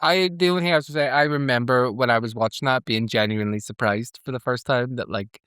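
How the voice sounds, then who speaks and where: A man's voice: mid-range voice, fast, a bit bright, clean tone, no echo, studio quality. A man co-hosting a podcast, giggling and gushing as he recaps scenes. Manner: giggly, enthusiastic, acts out quotes. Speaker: podcast co-host. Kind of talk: casual recap chat.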